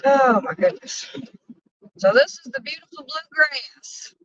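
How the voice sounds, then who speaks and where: Woman, road-trip vlog, blunt, profane, bright tense tone, dry close sound. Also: sits high, huge pitch swings, unhurried, vocal fry, dry recording, highs cut off. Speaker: vlogger. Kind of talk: casual chat while driving. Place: inside a small RV on the road.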